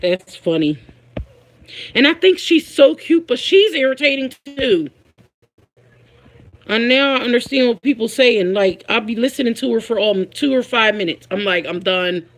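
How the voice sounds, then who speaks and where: A woman's voice: on the high side, lively intonation, moderate pace. A woman hosting a casual live stream, chatting with her viewers and reading their comments aloud, laughing often. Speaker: livestream host.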